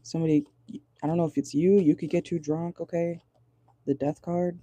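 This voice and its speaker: A tarot reader does an informal reading in a car, swearing, laughing nervously, and stopping often to channel. The mid-range voice has a dark, level tone, and there's no echo.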